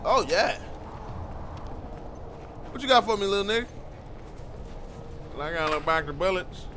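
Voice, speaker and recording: A man giving live gameplay commentary, loud and excitable, with profane play-by-play reactions. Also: sits high, moderate pace, slight background noise.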